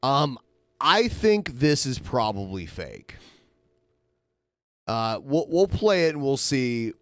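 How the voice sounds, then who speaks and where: Male podcast co-host, sarcastic and skeptical, lively swinging pitch, dry close sound. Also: slow pace, no echo. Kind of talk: casual crude banter.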